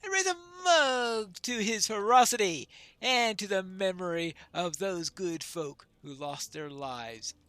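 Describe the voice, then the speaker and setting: Player doing a hearty lake local, swells loud, slow. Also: mid-range voice, lively intonation, no room sound. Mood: proud.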